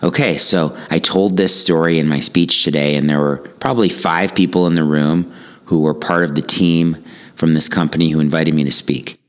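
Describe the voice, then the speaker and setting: A man who teaches yoga and gives talks, telling a personal story with wry humor in a relaxed, reflective way. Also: very deep voice, moderate pace. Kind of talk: storytelling monologue.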